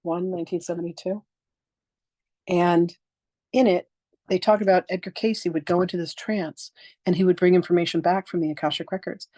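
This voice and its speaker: With a lowish, mellow voice, fairly even intonation, and a moderate pace, a woman in her sixties leads a live online masterclass on spiritual practice. She animatedly tells stories, acts out quoted exchanges, and speaks frankly and emphatically, at times swearing. No room sound is audible.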